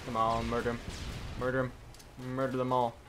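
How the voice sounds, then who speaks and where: Over game gunfire, a man with a medium-pitched, totally flat voice talks briskly to himself as he commentates his own shooter gameplay. He swaps mild words in for swears, and the background is noisy.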